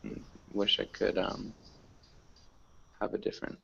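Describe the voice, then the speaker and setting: A man's voice: lowish voice, monotone, gravelly, bright, forceful tone, highs cut off, a little hiss or hum. A man teaching an English class online, patiently asking students questions and explaining words. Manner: patient, slow, asks questions.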